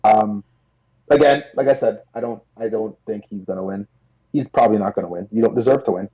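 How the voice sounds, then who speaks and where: A man co-hosting a podcast who talks very fast in a dark, husky voice, rambling with lots of restarts. His audio sounds dull and lo-fi. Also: lowish voice. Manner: quick, rambling, hesitant restarts. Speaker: podcast co-host. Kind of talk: casual post-show chat.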